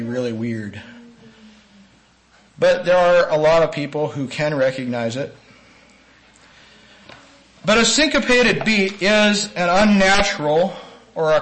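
A man preaching a sermon-style lecture, earnest and emphatic, with sudden rises in pitch and volume and some slowed, stressed phrases. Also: a bit bright, poor audio.

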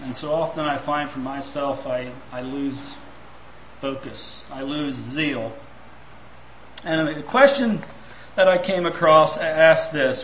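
A man's voice: fairly high pitch, takes it slowly, pauses often, a bit bright, roomy sound, slight background noise, low-quality recording. Man preaching a reflective sermon. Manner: reflective, asks rhetorical questions.

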